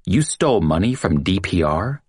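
A man's voice: low voice, big pitch swings, moderate pace, husky, no room sound, clean studio sound, heavily acted. A man voicing a harsh male agent who sneers and makes demands.

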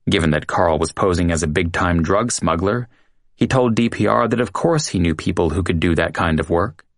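A man reading true-crime narration in a measured, dramatic storytelling manner. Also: deep voice, dry recording, clean studio sound. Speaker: audiobook narrator.

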